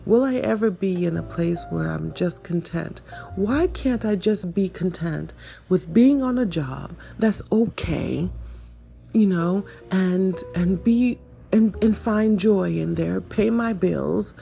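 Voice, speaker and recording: A woman in her fifties hosting a reflective solo monologue, searching and questioning herself, with soft laughs. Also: fairly low pitch, expressive, takes it slowly, gravelly, faint music behind. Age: 50s. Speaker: podcast host.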